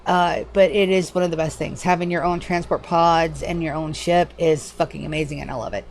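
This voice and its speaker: A woman streaming a game live from home, chatting casually in a loose, profane, animated way at a desk microphone. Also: low voice, a little fast, slight background noise. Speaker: livestreamer. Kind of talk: casual gaming livestream chat.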